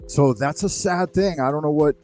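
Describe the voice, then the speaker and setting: A man hosting a casual online voice chat, laid-back and mildly amused, trying to calm the others down. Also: fairly high pitch, normal speed, soft background music. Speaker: host of a voice chat.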